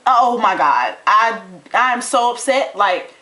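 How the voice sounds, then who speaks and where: A young adult woman in a casual, fired-up chat recapping a reality show, talking with animated indignation and folksy turns of phrase. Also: a little high, takes it slowly. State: out of breath. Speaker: TV recap vlogger.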